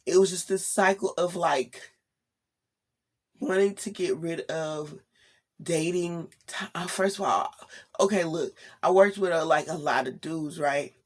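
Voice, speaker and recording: A woman's voice: lowish voice, a little slow. A young woman vlogging casually late at night, tired and rambling, laughing often and asking "you know what I'm saying?". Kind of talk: casual spiritual vlog.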